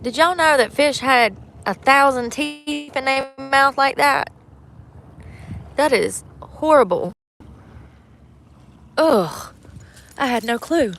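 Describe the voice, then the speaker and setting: A woman's voice: high voice, slow pace, pauses often, fairly bright tone, slight background noise. A woman chatting casually into her phone outdoors by the water, swearing freely and laughing often. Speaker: vlogger. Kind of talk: casual outdoor vlog chat. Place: outdoors by the water on a cold day.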